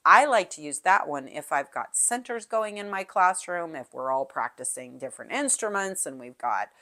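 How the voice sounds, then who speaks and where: A middle-aged woman with a low, deep voice shares classroom management tips as a music teacher. She talks in a chatty, friendly way and breaks into sung rhythms and calls to show how they work. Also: animated, moderate pace, bright, forceful tone.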